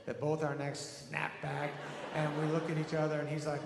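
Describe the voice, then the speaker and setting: A man's voice: a little high, flat delivery, fairly quick. A man telling a profane, rambling story on a theater stage as a stand-up comedian. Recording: echoey hall with audience noise.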